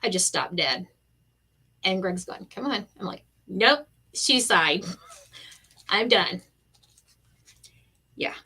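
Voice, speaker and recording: A woman's voice: lowish voice, takes it slowly, pauses often, husky. A middle-aged woman, chatting casually and acting out quotes while crafting on a live stream. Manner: animated storyteller, acts out quotes.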